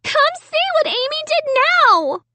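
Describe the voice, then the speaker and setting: A woman's voice: medium pitch, moderate pace, no echo, lightly acted. A woman voicing an angry little sister who screams and demands answers. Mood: screaming.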